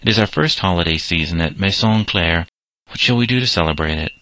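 A man reading the lines of a schoolgirl daughter in a storybook, indignant and a little sulky, in his own low voice. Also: expressive, fairly quick, sharp tone, no room sound, rough recording.

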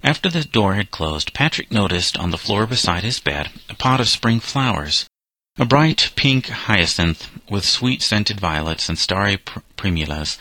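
A man reading a scripted story aloud in a measured, steady way. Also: on the low side, no echo, rough recording. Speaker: narrator.

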